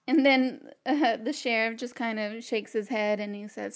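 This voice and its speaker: A woman's voice: on the high side, fairly even intonation, normal speed, hardly any pauses. A woman narrating a tabletop game as game master, with lots of fillers and laughter. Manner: laughing often, filler-heavy.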